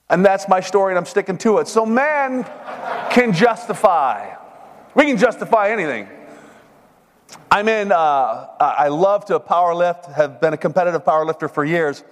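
A man's voice: sits high, expressive, moderate pace. Joking middle-aged man preaching in a hall. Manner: folksy storyteller, joking. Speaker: seminar speaker. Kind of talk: sermon-style talk. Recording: long hall reverb.

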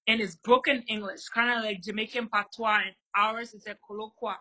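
A woman from Liberia, a guest in an interview, explaining her culture in lively conversation with plenty of examples. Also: mid-range voice, a little fast, rough recording. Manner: animated storyteller, explains with examples.

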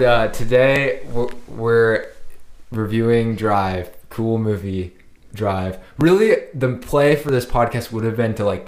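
Low-voiced rambling male podcast host. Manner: loose, rambling, many fillers and restarts. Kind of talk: casual movie review chat.

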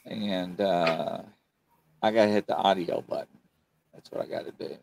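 A man hosting an online panel chat, relaxed and self-mocking, narrating what he does as he shares his screen. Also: low voice, normal speed, creaky.

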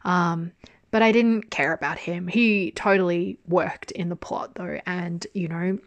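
A woman's voice: fairly low pitch, steady tone, a little slow, dry recording, muffled recording. A young woman chatting casually through a review, laughing often and swearing freely as she talks. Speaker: drama reviewer.

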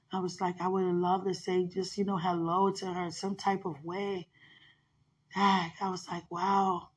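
A woman giving a rambling, emotional, faith-filled spoken message to a minister, full of "you know" and swinging between soft talk and tearful laughing. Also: on the low side, vocal fry, slightly rough.

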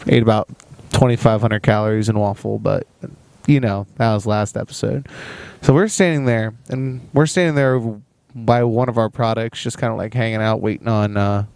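A young man co-hosting a podcast, telling a work story in relaxed casual chat and laughing often. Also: on the low side, moderate pace, gravelly, clear, resonant tone, no echo. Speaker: podcast co-host.

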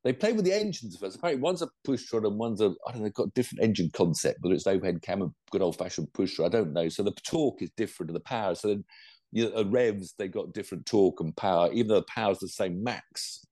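Older guy chatting motorsport, low mellow voice, dry close sound. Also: fast, no room sound. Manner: animated, rambling, lots of restarts and laughs. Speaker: co-host of a motorsport show. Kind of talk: casual roundup chat.

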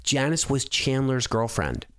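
A man's voice: mid-range voice, very animated, unhurried, a bit bright, clean tone. A middle-aged man hosting a podcast, talking casually and earnestly, rambling with lots of fillers and restarts. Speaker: podcast host.

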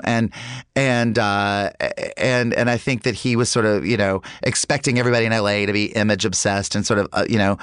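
A man's voice: on the low side, a bit bright, smooth, no room sound, clean studio sound. A man telling a casual anecdote, rambling with lots of fillers and restarts. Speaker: storyteller.

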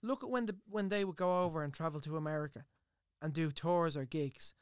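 Irish man, casual podcast chat, high voice, dry close sound, animated. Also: a little fast, smooth, no echo. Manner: animated storyteller, swears casually. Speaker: podcast host and impressionist.

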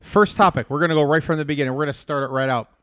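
A man's voice: fairly high pitch, a bit bright, dry recording, clean studio sound. A man co-hosting a casual comedic podcast, goofy and jokey, stretching words for laughs. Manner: goofy, jokey, playful drawn-out emphasis. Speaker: podcast co-host.

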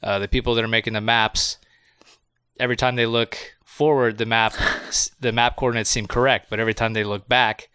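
A man's voice: medium pitch, flat delivery, a little fast, sharp tone, smooth, no room sound, studio quality. A man co-hosting a casual movie review podcast, recapping the plot loosely, swearing and laughing often. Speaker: podcast co-host.

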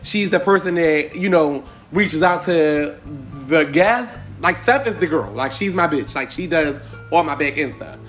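Sassy, animated male podcast host. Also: fairly high pitch, unhurried, faint music behind. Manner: animated, sassy, laughs often. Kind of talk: casual panel chat.

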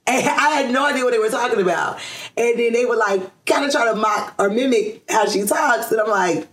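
A woman's voice: fairly high pitch, brisk, fairly bright tone. Chatty woman in a roomy space. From Georgia, USA. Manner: rambling, laughs often, many fillers and restarts. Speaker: interview guest. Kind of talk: casual conversational interview. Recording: roomy echo.

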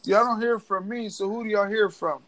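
A man's voice: high voice, steady tone, moderate pace, background noise. A man in a casual chat, defensive and swearing a lot in heated banter.

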